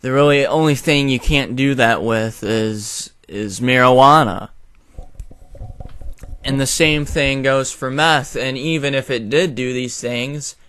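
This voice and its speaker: Young man, slow, deliberate opinion vlogger who swears bluntly, clean dry sound. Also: medium pitch, fairly bright tone, clear, resonant tone, no room sound. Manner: blunt, profane, frequent fillers. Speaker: video commentator. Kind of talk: opinion rant to camera.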